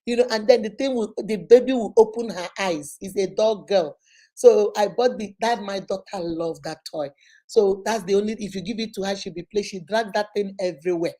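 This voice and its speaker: A middle-aged woman, hosting a show and telling family stories in a lively, exclaiming way. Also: mid-range voice, moderate pace. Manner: animated, exclaiming, laughing often. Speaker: host. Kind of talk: casual storytelling chat.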